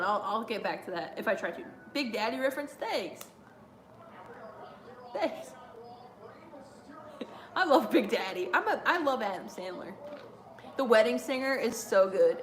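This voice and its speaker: Giggly woman streamer in an echoey room. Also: a little high. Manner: giggly, jokey, reads chat aloud and answers. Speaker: streamer reading chat during a watch-along. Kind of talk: casual chat.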